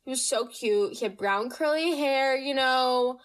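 Podcast host, woman, slightly high voice, unhurried, dramatic casual storytime chat. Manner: chatty, dramatic, laughs often.

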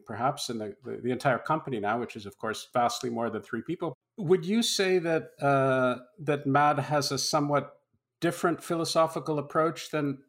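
Male podcast host, measured and deliberate when framing questions. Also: medium pitch, a bit bright. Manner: measured, thoughtful, repeats words while framing questions. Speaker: interviewer, host. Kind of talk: podcast interview.

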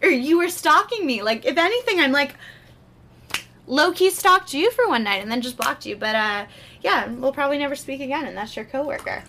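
A young woman chats on a podcast, spilling a story with lively asides and frequent swearing. Her voice sits high and bright. She sounds relaxed in a studio setting. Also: a little hiss or hum. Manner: animated, swearing, quick asides. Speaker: podcast host. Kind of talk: casual storytelling chat.

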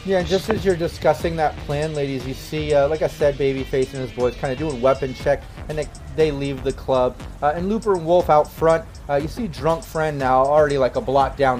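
A man's voice: medium pitch, darkish tone. A man acting as game master, narrating scenes in a loose way with many fillers. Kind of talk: narrating a tabletop role-playing game.

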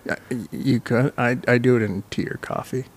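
A man's voice: mid-range voice, steady tone, brisk. Laughing, foul-mouthed podcast guy. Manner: laughs often, swears freely. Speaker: podcast co-host. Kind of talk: casual crude banter.

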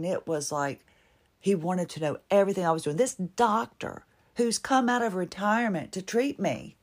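A middle-aged Virginia woman with a Virginian accent hosts her own podcast, delivering a casual, wry monologue and laughing at herself. Her voice sits low and a little mellow.

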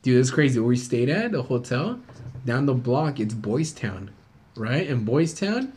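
A man's voice: mid-range voice, very animated, measured pace, a little mellow, breathy edge. A man in his thirties, a comedian telling stories in a casual chat, swearing a lot and saying dude and bro. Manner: laid-back storytelling, heavy swearing, says dude and bro. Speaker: comedian, podcast host.

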